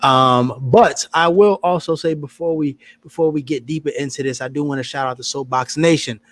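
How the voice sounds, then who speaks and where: A man's voice: on the high side, brisk, no room sound. A man co-hosting a casual news podcast, talking in a rambling way and repeating words as he goes. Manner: rambling, repeats words, gives shout-outs. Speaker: podcast co-host. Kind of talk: casual chat.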